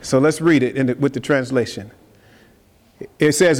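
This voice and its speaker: A man's voice: mid-range voice, moderate pace, a little mellow. A man preaching a sermon, emphatic and calling out to his congregation. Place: church sanctuary. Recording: long reverb of a large hall, faint noise.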